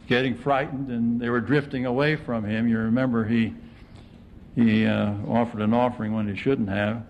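A man gives a casual sermon in an even, mid-pitched voice, often pausing to quiz his listeners. A light hiss of background noise sits under the recording. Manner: conversational, asks the audience questions. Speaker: preacher. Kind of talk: informal sermon.

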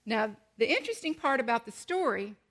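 A woman with a fairly high voice teaches a Bible lesson in a lively storytelling way. She slows down to stress points and poses rhetorical questions.

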